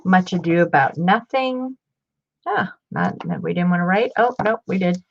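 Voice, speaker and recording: A woman in her fifties, chatty and excitable, showing off old books in a casual vlog. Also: on the low side, moderate pace, vocal fry, husky. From Ohio. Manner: chatty, excitable, muttering asides. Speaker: book collector vlogger. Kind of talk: casual show-and-tell. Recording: dull lo-fi home recording.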